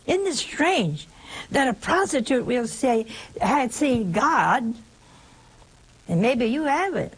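A woman's voice: fairly high pitch, sing-song, slow, pauses often, husky. A woman preaching a conversational sermon, full of emphatic rhetorical questions.

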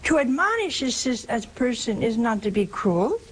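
A woman's voice: a little high, sing-song, moderate pace, slightly rough, poor audio. A woman giving an informal sermon in a homey, humorous way, asking her listeners rhetorical questions. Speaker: religious speaker.

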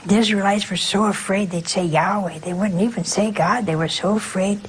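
This older nun, who leads her sisters, speaks in a mid-range voice with fairly even intonation and a moderate pace. Her religious talk is chatty and conversational, peppered with rhetorical questions to her listeners. Slight background noise comes through the poor audio.

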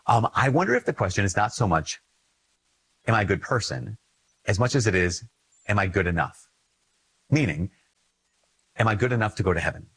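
A man's voice: fairly low pitch, expressive, a little fast, long pauses, fairly bright tone, husky, rough recording. A man with a Minnesota accent, a Catholic priest giving an earnest, conversational talk on faith, repeating phrases for emphasis. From Minnesota, USA. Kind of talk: casual spoken teaching on faith.

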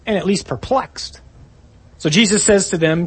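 A man preaching a sermon in a somewhat high, husky voice. He acts out the scripture he quotes and presses the listeners with rhetorical questions. His delivery is animated and direct. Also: moderate pace.

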